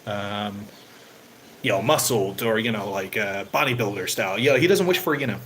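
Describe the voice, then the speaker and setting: Speaking at normal speed in a lowish voice with a fairly bright tone, this man hosts his own channel in a casual livestream chat. He rambles, uses lots of "you know" fillers, and grows livelier when retelling stories, though the audio is poor with a little hiss or hum.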